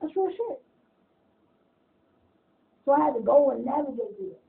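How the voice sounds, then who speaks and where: A woman telling casual stories in an interview, animated, laughing often, swearing freely and acting out other people's lines in quick bursts. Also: high voice, vocal fry. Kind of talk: casual storytelling. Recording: tinny phone-like audio.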